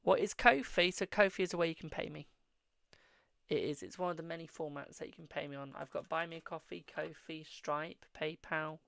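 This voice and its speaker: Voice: mid-range voice, fairly even intonation, a little fast, vocal fry, a bit bright, clean tone, no room sound. A host reading tarot on a live stream, answering viewers' questions, calling them "my darling" and murmuring while drawing cards. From England.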